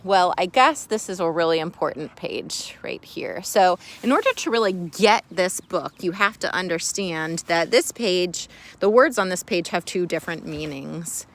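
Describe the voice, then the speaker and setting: A woman teacher reading a picture book aloud to children in a playful, expressive way, then explaining a reading task. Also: on the low side, moderate pace.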